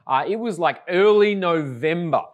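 A middle-aged Australian man, a pastor, opens a sermon with a conversational story that swings between lively and hushed, tender tones. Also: a little high, normal speed, narrow, tinny audio.

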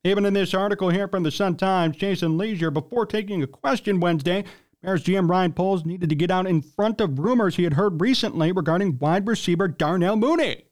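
Emphatic high-voiced sports talk host. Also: male voice, lively intonation, a little fast. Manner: emphatic, blunt, riled up. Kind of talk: opinionated sports commentary.

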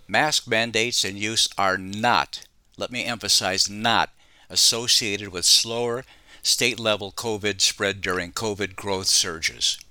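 A man's voice: on the low side, bright, forceful tone, dry recording. A man delivering scripted political commentary with sarcastic, mocking asides.

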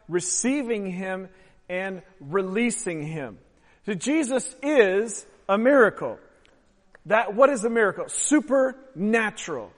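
A man preaching a sermon as pastor, emphatic and swelling louder on key phrases. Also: high-pitched. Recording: long hall reverb.

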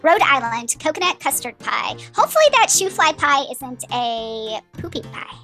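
A woman co-hosting a podcast, reading a list rapid-fire in a bubbly, giggly way. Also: sits high, very animated, bright, forceful tone, soft background music.

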